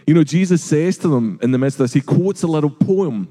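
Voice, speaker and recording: A man's voice: a little high, lively intonation, a little fast, few pauses, dark tone. A middle-aged man preaching a sermon as a pastor, earnest and questioning, sometimes acting out voices. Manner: earnest, rhetorical questions, acts out quoted voices. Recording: long reverb of a large hall.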